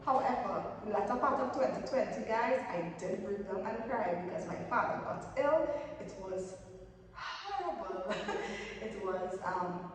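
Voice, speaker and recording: A woman's voice: mid-range voice, animated, unhurried, slight background noise. A young woman giving casual motivational advice in an emphatic way, often repeating her points. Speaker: vlogger giving new-year tips. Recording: echoey room, voice from far off.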